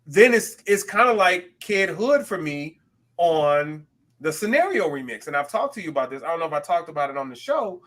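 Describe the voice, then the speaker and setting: A man from the West Coast of the US co-hosting a podcast in casual chat, talking animatedly with quick self-aware asides. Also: on the high side, sing-song, a bit bright. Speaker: podcast co-host.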